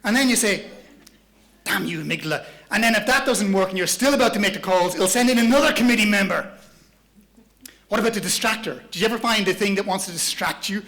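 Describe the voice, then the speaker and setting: A man's voice: sits high, fast talker, pushed and bright. A man giving a playful, chatty motivational talk on stage to a large audience. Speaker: motivational speaker.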